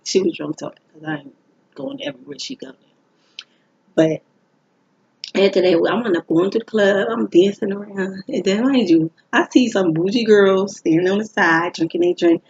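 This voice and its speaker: Young woman, raspy, animated storyteller who voices the people in her story; muffled lo-fi sound. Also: moderate pace. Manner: animated, acts out quoted people in a higher voice. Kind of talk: casual personal storytelling. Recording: dull lo-fi recording.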